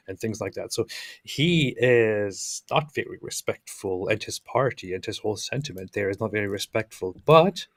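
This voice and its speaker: Low-voiced halting man, dry sound. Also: dry recording. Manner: halting, many fillers, laughs often. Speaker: co-host. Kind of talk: casual talk commentary.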